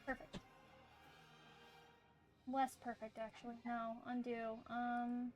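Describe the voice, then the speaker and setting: A woman's voice: on the high side, little pitch movement, takes it slowly, a little mellow, soft background music. A woman with a Southern US accent, chatting casually on a stream as she draws, thinking aloud and explaining things to her chat.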